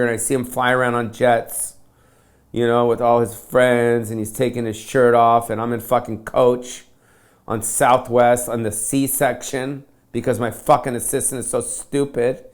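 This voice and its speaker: A man doing a self-pitying comedic rant to camera, swearing constantly in slangy surfer-dude talk. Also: mid-range voice. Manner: profane, self-pitying, ranting.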